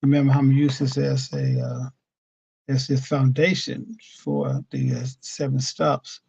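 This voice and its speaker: A man leading a weekly scripture study lesson as a religious teacher, explaining patiently and pausing often with fillers, recorded on a computer mic at his desk. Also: medium pitch, sing-song, creaky, a little mellow, breathy edge, dull audio.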